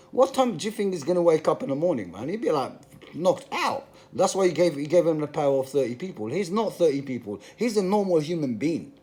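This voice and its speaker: A man's voice: a little high, a little mellow. A man giving an emphatic, passionate monologue, full of repetition and rhetorical questions. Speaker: religious commentator.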